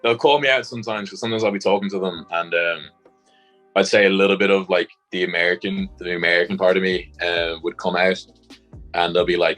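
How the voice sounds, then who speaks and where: A man's voice: deep voice, steady tone, a little fast, fairly bright tone, faint music behind, low-quality recording. A young Irish man from Dublin with a Dublin accent, chatting casually as an interview guest, rambling with lots of fillers. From Ireland. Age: young adult. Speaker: guest, college punter.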